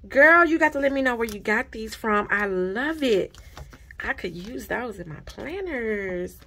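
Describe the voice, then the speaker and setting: A woman vlogging casually at her desk about budgeting supplies and mail she received, gushing and repeating herself when excited. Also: fairly high pitch, unhurried, husky. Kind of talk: casual unboxing vlog. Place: home desk.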